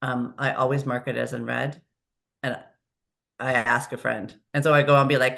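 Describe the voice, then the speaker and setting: A woman talking as a podcast guest, lively and acting out the dialogue she quotes. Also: a bass voice, normal speed, vocal fry. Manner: animated, acts out quoted dialogue. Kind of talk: conversational interview. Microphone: video call.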